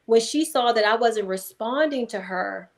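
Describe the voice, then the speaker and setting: A woman, a hypnotherapist, speaking as a guest in a conversational interview and telling a story in a calm, emphatic way. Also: on the high side, moderate pace. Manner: calm, emphatic, acts out voices in anecdotes.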